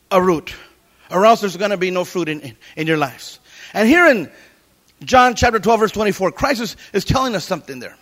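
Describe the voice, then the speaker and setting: A middle-aged man preaching a sermon as pastor, animated, quoting scripture and cracking jokes. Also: very high voice.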